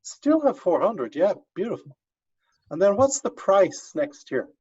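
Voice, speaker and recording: A man's voice: high voice, big pitch swings, a little slow, darkish tone, slightly rough. A male university professor teaching an online class, coaxing students step by step over a video call. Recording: dull lo-fi video call audio.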